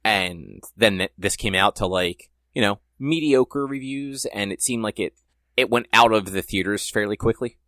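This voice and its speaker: A man's voice: fairly low pitch, moderate pace, sharp tone, dry recording, clean studio sound. A young man co-hosting a podcast, rambling in casual chat and leaning hard on filler words. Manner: rambling, heavy use of "like". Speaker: podcast co-host.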